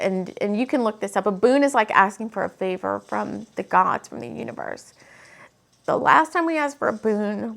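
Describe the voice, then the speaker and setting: This woman's voice is on the high side, creaky and a bit bright. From her home, she reads tarot and channels spiritual messages to the camera in an earnest, wandering way that grows emotional, recorded through the camera mic.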